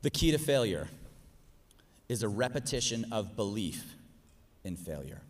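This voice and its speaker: A middle-aged man preaching a sermon, animated, acting out exasperated rants in a high, strained voice. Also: unhurried, in a large hall.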